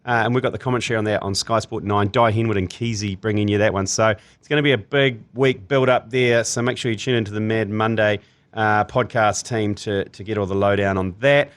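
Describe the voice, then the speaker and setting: A man's voice: on the low side, brisk. A man with a New Zealand accent hosting a sports podcast, telling jokey stories in casual chat. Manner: animated, laughing, jokey storytelling. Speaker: podcast host.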